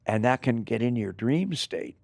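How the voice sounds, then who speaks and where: An older male actor talks through his memories in a loose, animated way, trailing off and circling back. His voice has a gravelly rasp at a middling pitch. The sound is close and dry. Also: moderate pace, no room sound. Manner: animated, rambling storyteller. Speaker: actor guest. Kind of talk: casual interview chat.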